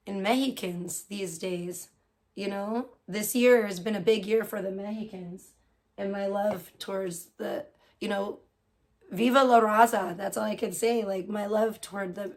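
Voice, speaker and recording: A woman hosting a casual livestream from her home, chatting in a rambling way with many fillers and restarts. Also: medium pitch. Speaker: livestream host. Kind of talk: casual chat. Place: room at home with cats.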